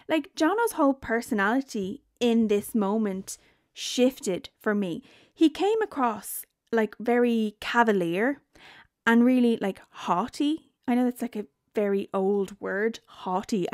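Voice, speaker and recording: Blunt, chatty woman with a higher voice. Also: a little mellow, dry recording, clean studio sound. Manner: chatty, blunt, swears freely. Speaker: reality TV recap vlogger. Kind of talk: casual recap chat.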